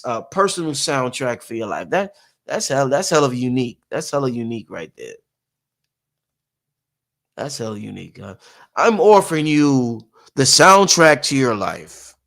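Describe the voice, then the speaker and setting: Animated man with a rhythmic casual delivery. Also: moderate pace. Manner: animated, sings and shouts snippets, trails off into low musing. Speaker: show host and producer. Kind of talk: casual monologue to viewers.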